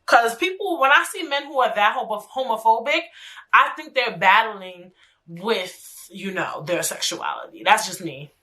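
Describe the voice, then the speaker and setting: A woman hosting her own podcast, talking alone in a casual, animated, profane way with lots of slangy asides. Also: fairly high pitch, normal speed. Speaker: podcast host. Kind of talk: casual solo podcast monologue.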